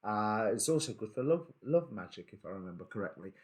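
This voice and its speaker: A man's voice: fairly low pitch, animated, fairly quick, a little mellow. A man giving a casual spoken tarot reading, hesitant, with many ums and self-corrections. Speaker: tarot reader.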